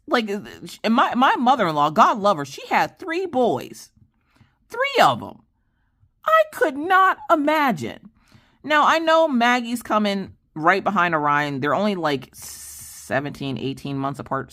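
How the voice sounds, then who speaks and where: Middle-aged woman, vlog host, low voice with a lively, swooping delivery, chatty and exasperated. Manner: animated, exasperated storytelling addressing viewers as y'all. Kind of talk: casual chat vlog.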